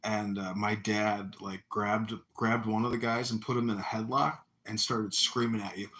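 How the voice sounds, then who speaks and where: A man hosting a casual livestream chat, telling rambling stories and loudly acting out what people said. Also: fairly low pitch, little pitch movement, normal speed, few pauses. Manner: rambling storyteller, acts out quotes loudly. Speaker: livestream host. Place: apartment. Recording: echoey room.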